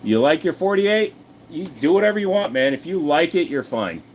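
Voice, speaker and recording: A man's voice: fairly high pitch, big pitch swings, moderate pace, slight background noise. A man hosting a casual livestream, answering chat in a blunt, profane, rambling way with plenty of fillers. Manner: chatty, talks straight to viewers.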